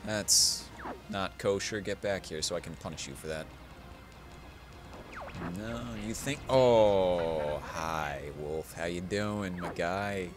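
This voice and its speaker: Tipsy, swearing low-voiced man gaming. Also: takes it slowly. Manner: profane, rambling, mock-dramatic pleading. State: tipsy from drinking. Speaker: let's play gamer. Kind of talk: casual let's play commentary. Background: video game music.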